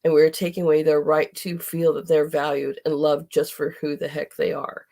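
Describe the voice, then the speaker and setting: A woman's voice: sits low, flat delivery, moderate pace, vocal fry, mellow. A middle-aged woman hosting a podcast, speaking in an impassioned, indignant monologue and at times near tears. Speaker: podcast host.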